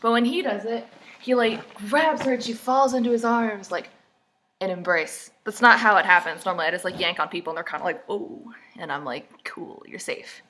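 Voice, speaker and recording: Bright, sarcastic chatty woman. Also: mid-range voice, brisk, slight background noise. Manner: sarcastic, mocking, chatty with many "like"s. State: just woken up. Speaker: book reviewer vlogger. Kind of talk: casual book commentary.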